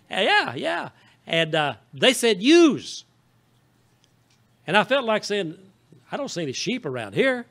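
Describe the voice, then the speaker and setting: A man's voice: sits high, a bit bright. A male pastor from Southeast Missouri with a Southern Missouri accent, preaching a folksy, conversational sermon and often checking in with the congregation. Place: church sanctuary.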